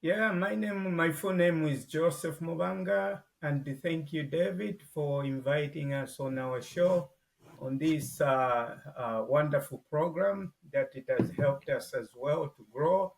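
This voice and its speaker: A man from Zambia, a former soccer player and podcast guest, speaking politely and haltingly with many fillers. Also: fairly high pitch, creaky, recorded from a distance. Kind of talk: casual interview chat.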